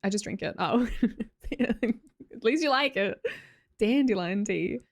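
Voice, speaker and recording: A woman's voice: on the high side, animated, slow pace. An Australian woman live streamer chatting casually with viewers, scattered and self-mocking, laughing often. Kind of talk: casual chat reading viewer messages.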